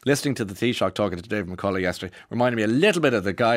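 A rambling Irish man hosting a radio slot, his voice sitting low. He chats casually and restarts his sentences often. The sound is close and dry, like a studio mic. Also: lively intonation, racing, hardly any pauses, no room sound. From Ireland. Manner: chatty, rambling, with many restarts and asides. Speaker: radio presenter. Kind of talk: casual monologue.

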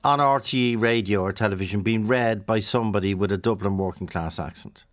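A man's voice: on the low side, a little fast. A man hosting a radio phone-in, cutting in with questions and steering callers.

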